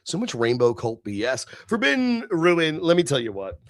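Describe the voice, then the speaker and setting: A tipsy man hosting a live stream, ranting and swearing, swinging between low mutters and shouted outbursts. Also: wildly swooping pitch, moderate pace, no room sound, studio quality. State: tipsy from beer. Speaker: livestream host. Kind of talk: profane live-stream rant.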